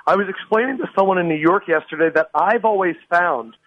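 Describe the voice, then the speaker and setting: A man's voice: fairly quick, dull audio, slight background noise. Mock-dramatic male sports guest. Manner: animated, mock-dramatic, swings in pitch. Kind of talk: theatrical comic storytelling on sports radio.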